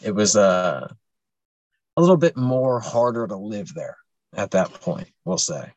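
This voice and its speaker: A man's voice: mid-range voice, very animated, unhurried, gravelly, a little mellow, no echo, lo-fi sound. A young man hosting a podcast, telling a long story casually with lots of swearing and fillers. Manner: rambling, profane, many fillers. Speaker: podcast host.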